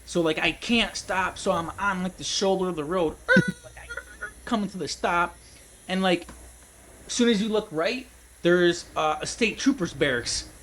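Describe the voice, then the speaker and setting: A man's voice: high voice, very animated, unhurried, background noise. A young man gaming at home, telling a long rambling story, laughing often and calling people dude and man. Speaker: gaming streamer. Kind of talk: casual storytelling while gaming.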